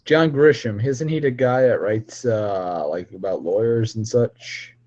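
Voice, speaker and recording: A man's voice: fairly low pitch, unhurried, darkish tone, muffled recording. A man on a casual livestream, rambling and ranting with constant profanity at his viewers. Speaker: streamer.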